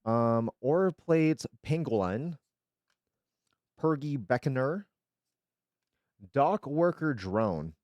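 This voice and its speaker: A man's voice: mid-range voice, lively intonation, drawn-out words, pauses often, darkish tone, no room sound, muffled recording. A male streamer chatting casually while opening card packs, swearing freely and tripping over card names.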